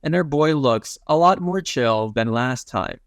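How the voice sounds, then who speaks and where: A man retells a comic story in a relaxed, slangy recap voice and walks through each scene as it comes. His voice sits at an ordinary middle pitch. It is recorded close and dry, with no room sound. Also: measured pace, clean tone, no echo. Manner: casual and slangy, retelling panels in plain speech. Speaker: manhwa recap narrator. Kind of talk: casual story recap narration.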